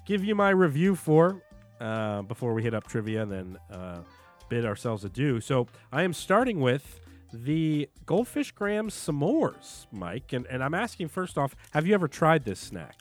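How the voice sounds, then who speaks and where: A man's voice: medium pitch, big pitch swings, measured pace, soft background music. A young man co-hosting a podcast, telling a rambling story and laughing as he talks. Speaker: podcast co-host. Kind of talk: casual chat.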